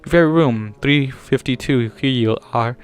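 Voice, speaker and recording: A man's voice: mid-range voice, unhurried, smooth, close to an everyday voice. A man voicing a wrinkled, jolly old stallion who runs a hotel, speaking with a heavy old accent and a chuckle. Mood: warm.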